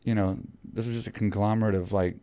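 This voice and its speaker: A man's voice: on the low side, steady tone, fast, mellow, clear, resonant tone. A man hosting a podcast in casual chat, rambling with lots of fillers and restarts. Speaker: podcast host.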